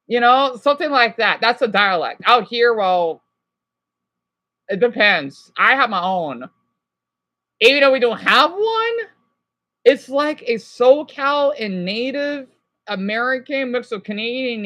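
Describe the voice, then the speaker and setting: A woman's voice: on the high side, animated, unhurried, pauses often, fairly bright tone. A woman livestreaming, chatting loosely with her viewers and answering their messages, with lots of "you know" and restarts. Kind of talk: casual live chat.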